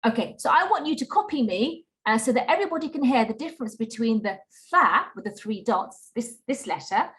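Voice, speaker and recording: Woman teacher on a video call, pretty high voice, patient, keeps saying okay. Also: expressive, fairly quick, hardly any pauses, fairly bright tone. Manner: patient, repeats key points with frequent "okay?". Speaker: Qur'an teacher. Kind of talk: online class teaching.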